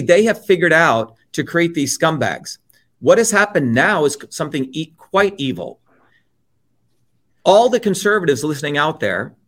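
Man, from India, middle-aged, fairly high voice, blunt, profane, heated political monologue. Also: a bit bright. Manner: blunt and profane, with mocking quoted asides. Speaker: interviewee.

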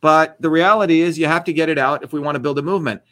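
Combative man with a bright, high voice. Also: racing. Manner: combative, repetitive, emphatic. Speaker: host of an online livestream. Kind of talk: ranting political commentary.

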